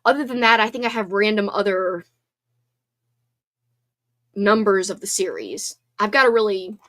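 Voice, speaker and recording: A woman's voice: medium pitch, lively intonation, normal speed, a bit bright. A woman in her thirties hosting a casual livestream hangout, chatting and reading viewer comments aloud. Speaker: host.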